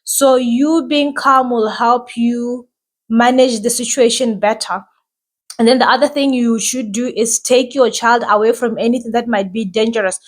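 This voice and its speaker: A woman who hosts a podcast and talks as a mother, giving casual, reassuring advice and often asking "right?". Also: on the high side.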